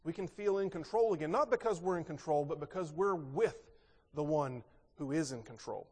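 A pastor preaching a sermon, asking rhetorical questions and moving between emphatic and quiet delivery. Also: male voice, fairly high pitch, moderate pace, breathy edge. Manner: expressive, rhetorical questions, swings between loud and soft. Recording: long reverb in a large hall.

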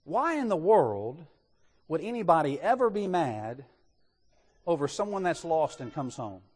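A man preaching a sermon in an animated way, putting rhetorical questions to his congregation. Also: on the high side, a little slow, breathy edge, in a large hall.

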